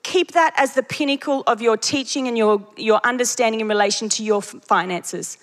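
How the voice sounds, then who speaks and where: A woman preacher delivering a sermon, telling stories with lively energy and laughing at her own jokes. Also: on the high side, a little fast. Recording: long reverb of a large hall.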